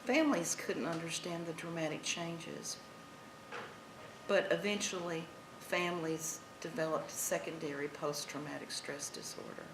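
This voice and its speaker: A woman doctor giving an earnest, measured prepared speech at a ceremony in a senior center hall. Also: deep voice. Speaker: guest speaker, doctor. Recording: echoey hall with clear noise.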